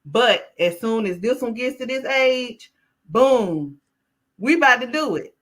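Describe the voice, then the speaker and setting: Higher-voiced woman podcast co-host. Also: animated, a little slow. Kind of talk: casual podcast chat.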